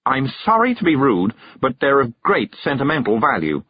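A man's voice: mid-range voice, huge pitch swings, moderate pace, husky, no echo, voice pushed up. A man voicing a frail, fussy, polite older woman in an audiobook, quavering and genteel. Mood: indignant. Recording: dull, dry narration recording.

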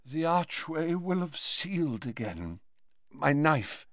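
Give me a man putting on a weakened old male wizard, quiet, faint and slurred, calm and gentle. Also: a little high, no room sound, studio quality, pitched above the performer's own voice, heavily acted. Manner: soft, measured murmur. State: exhausted.

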